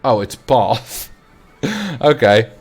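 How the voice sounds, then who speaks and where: A man's voice: lowish voice, very slow, a little mellow. A young adult man streaming a game, chatting casually and rambling as he answers his viewers. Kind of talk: casual livestream chat while playing.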